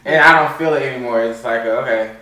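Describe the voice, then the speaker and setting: A man's voice: mid-range voice, fast, a crowd in the background. A young man co-hosting a podcast, telling stories in a casual slangy way and laughing often. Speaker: podcast co-host. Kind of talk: casual chat. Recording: roomy sound, mic at a distance.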